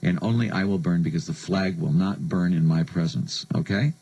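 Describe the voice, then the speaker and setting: An American man hosts a late-night radio show, telling stories and making sardonic jokes between songs as the DJ. His voice is low and mellow with a breathy edge at a moderate pace, on a rough recording.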